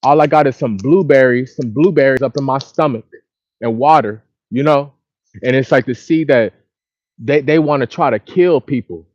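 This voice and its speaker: A man's voice: mid-range voice, moderate pace, a little mellow, no room sound, lo-fi sound. A man from Dallas, venting in a casual outdoor monologue, repetitive and frustrated. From Dallas, Texas. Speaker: vlogger. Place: outdoors by a lake or river.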